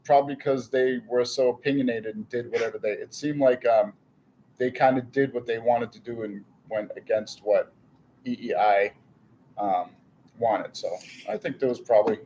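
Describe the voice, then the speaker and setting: A man in a casual podcast chat answers questions in an easygoing way, thinking aloud with plenty of fillers. His pitch sits in a typical middle range. A light hiss sits under the recording. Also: steady tone, moderate pace, warm tone, low-quality recording. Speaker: podcast guest.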